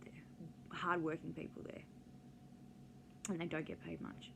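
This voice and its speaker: A woman's voice: low-pitched, level tone, measured pace, vocal fry, in a whisper. A woman, talking casually in a rambling, digressive way full of ums and side stories for her vlog. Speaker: vlogger. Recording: noisy background hiss.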